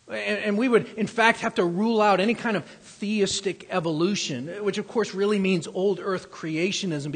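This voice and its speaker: A man preaching a sermon with earnest emphasis, swinging between loud outbursts and hushed passages, often restarting his words. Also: high-pitched, slightly rough. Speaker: pastor. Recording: long hall reverb.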